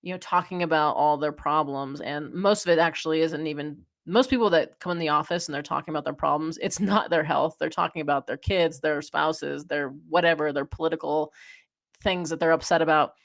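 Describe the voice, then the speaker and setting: A woman's voice: deep voice, a little fast, creaky. A woman in her thirties hosting a solo advice podcast, talking frankly and casually with lots of fillers. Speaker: podcast host, chiropractor.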